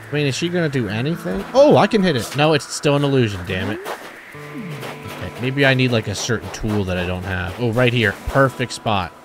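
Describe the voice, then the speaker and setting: A young man giving excitable, cursing let's-play commentary while thinking aloud. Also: medium pitch, normal speed. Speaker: gaming channel host. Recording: game music behind.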